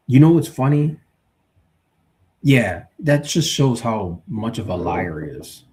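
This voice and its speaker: A man's voice: on the low side, a little slow. A man hosting a live stream, talking casually and with strong opinions, reading out viewer comments and arguing his points. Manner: animated, opinionated, reads chat aloud. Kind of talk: casual live boxing talk.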